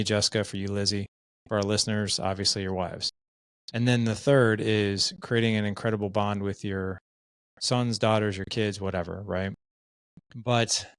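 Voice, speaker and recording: A man's voice: lowish voice, dry recording. A man hosting a podcast interview, conversational, often checking in with "right?". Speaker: podcast host.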